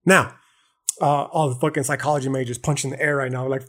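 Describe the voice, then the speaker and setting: A man hosting a podcast, lecturing on philosophy in a profane, slangy, animated monologue. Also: medium pitch, fast. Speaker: podcast host.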